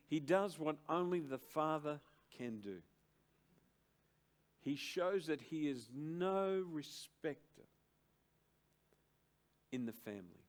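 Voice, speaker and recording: Slow, emphatic older pastor. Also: male voice, on the high side, expressive. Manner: slow, emphatic preaching with dramatic pauses and big swings in loudness. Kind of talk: sermon. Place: church service.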